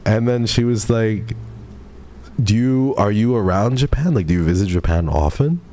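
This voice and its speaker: A man's voice: fairly low pitch, lively intonation, normal speed, dark tone. A young man streaming, telling a story to his chat in a rambling, flustered way full of fillers and casual swearing. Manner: swears casually, addresses chat as "bro" and "guys".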